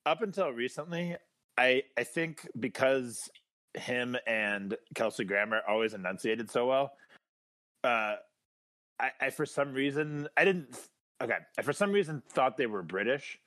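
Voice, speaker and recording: A man's voice: mid-range voice, lively intonation, measured pace, a bit bright. A man co-hosting a podcast in casual chat, rambling through stories with chuckles. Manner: rambling storyteller, many restarts and chuckles. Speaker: podcast co-host.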